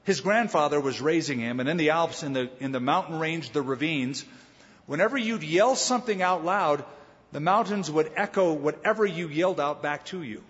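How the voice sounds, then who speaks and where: A man pastor preaching a conversational Bible teaching, with dramatic pauses and voiced quotes. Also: on the high side, expressive, fairly bright tone. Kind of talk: sermon. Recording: dull lo-fi sound with long hall reverb.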